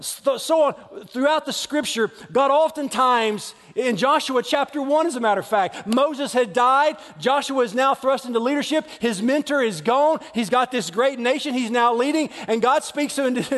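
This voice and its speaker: A man's voice: very high voice, fairly bright tone. A man preaching a sermon with emphatic delivery, often acting out quoted voices. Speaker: pastor. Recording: long hall reverb.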